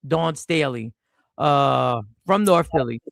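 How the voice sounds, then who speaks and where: A man hosting a podcast in casual chat, telling stories in an animated, playful way. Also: medium pitch, slow pace, creaky, no echo, clean studio sound. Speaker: podcast host.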